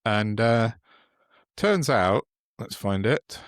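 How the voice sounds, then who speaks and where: Low-voiced sardonic man. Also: animated, extremely slow, dry recording, clean studio sound. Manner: sardonic, chuckles often. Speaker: podcast co-host. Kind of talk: casual political chat.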